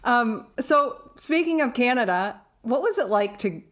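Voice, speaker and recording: A woman's voice: a little high, animated, unhurried, a bit bright. A woman hosting a casual interview, asking questions in a friendly, chatty way. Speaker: interview host.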